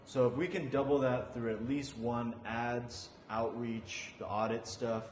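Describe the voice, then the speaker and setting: A man's voice: mid-range voice, steady tone, a little slow. Man thinking aloud in a roomy space. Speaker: marketing partner, co-host. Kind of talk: casual business chat. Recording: roomy, with faint noise.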